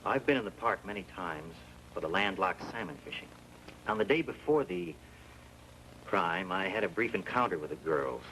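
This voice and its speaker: An actor playing a courteous French-Canadian customs officer who testifies as a witness, with a French-Canadian accent. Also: male voice, deep voice, animated, normal speed, sharp tone, slight background noise, poor audio. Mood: earnest. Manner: polite, helpful, explains patiently. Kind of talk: 1960s TV courtroom drama.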